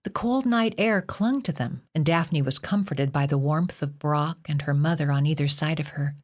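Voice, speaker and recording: A woman reading a horror novel aloud as an audiobook narrator, measured and expressive. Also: low-pitched. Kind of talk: scripted narration.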